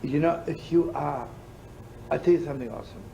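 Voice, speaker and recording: A rabbi tells stories to a live audience in a rambling, playful way, throwing in asides and Yiddish words. His voice is gravelly and sits a little high. Loud hiss covers the old live recording. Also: fairly quick, low-quality recording. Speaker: rabbi and storyteller. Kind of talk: storytelling sermon to a live audience.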